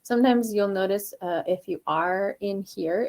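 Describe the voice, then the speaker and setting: A woman vocal coach leading a live online singing lesson, switching between calm explanation and loud, short staccato "ha" exercises that leap high into head voice. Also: measured pace, few pauses. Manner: relaxed explaining with chuckles and fillers.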